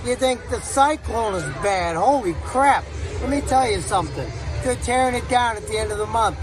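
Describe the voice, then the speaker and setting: A man's voice: very high-pitched, lively intonation, normal speed, music in the background. A man giving a jokey, wisecracking travel report at a theme park. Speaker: travel segment correspondent. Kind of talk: casual comedic vlog-style travel report. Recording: crowd and outdoor noise behind.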